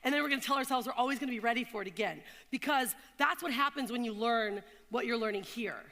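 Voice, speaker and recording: A woman with a high, gravelly voice speaks in a live talk, telling stories and asking the crowd questions. Her tone is bright and a little sharp, and the long reverb of a hall trails each phrase. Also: quick pace. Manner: animated storyteller, asks the crowd questions. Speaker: keynote speaker. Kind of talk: motivational talk to an audience. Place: event hall in London.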